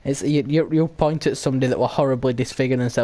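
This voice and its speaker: Man streaming games, crude mocking rants, stumbling restarts, mid-pitched voice. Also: fairly even intonation, fast, dark tone. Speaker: gaming streamer. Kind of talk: casual stream banter.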